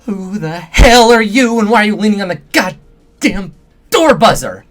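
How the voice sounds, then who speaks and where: A man voicing a high-strung male hacker on stims, with a shrill, tremulous, frantic voice. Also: very animated, moderate pace. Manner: yelling, frantic. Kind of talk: reading game dialogue aloud.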